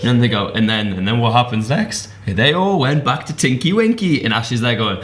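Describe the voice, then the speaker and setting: A man's voice: mid-range voice, brisk, few pauses, reverberant. A man hosting a casual podcast in a pub, telling stories in British English, acting out voices and swearing freely. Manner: animated storyteller, swears freely, acts out voices. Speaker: podcast host.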